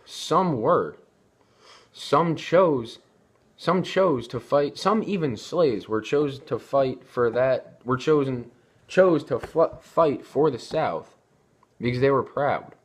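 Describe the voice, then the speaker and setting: A man's voice: mid-range voice, lively intonation, slow pace, husky. A young man talking casually to camera, rambling and often restarting his sentences. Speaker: vlogger. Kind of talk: casual opinion talk.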